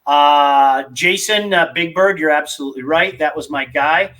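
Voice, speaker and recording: Middle-aged male podcast host, chatty and excitable, slightly high voice, casual basement-studio talk. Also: normal speed, low-quality recording. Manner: excitable, chatty, jumps between topics. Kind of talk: casual sports talk, reading listener picks.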